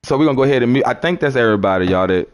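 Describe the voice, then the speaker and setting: A man's voice: mid-range voice, animated, rapid-fire, clear, resonant tone. A man from New Orleans with a New Orleans accent, talking casually as a live-stream preacher, repeating himself and calling listeners son and brother.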